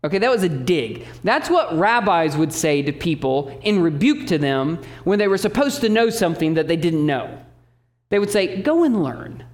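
Male pastor, lively sermon delivery, swinging pitch, emphatic teaching asides. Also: moderate pace, soft background music.

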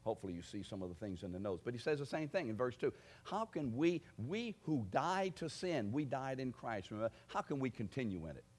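Guy preaching a sermon, medium pitch, punches up his points, keeps asking the crowd questions. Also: big pitch swings, fairly quick. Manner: emphatic, building to forceful declarations; addresses the congregation with direct questions. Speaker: pastor.

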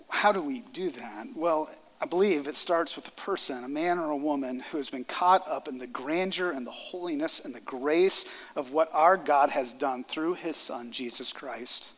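A man in his thirties preaching a sermon, earnest, rising loud on key lines and dropping soft. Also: fairly high pitch. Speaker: pastor. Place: church sanctuary. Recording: long hall reverb.

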